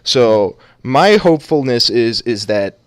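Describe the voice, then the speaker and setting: A man's voice: medium pitch, lively intonation, slow, clear, resonant tone, dry recording, clean studio sound. A man casting an amateur esports match, talking casually and joking around with many fillers. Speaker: esports caster.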